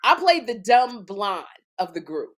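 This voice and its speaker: A woman's voice: medium pitch, very animated, a little slow. A woman co-hosting a comedy talk show, telling a funny story and acting out scenes in exaggerated voices. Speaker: podcast co-host.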